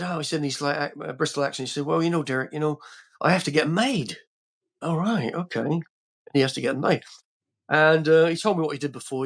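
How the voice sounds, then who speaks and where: This is a man's voice, pitched somewhat high and fairly bright. He's an older guest from England on a podcast, loosely telling meandering stories peppered with fillers and false starts.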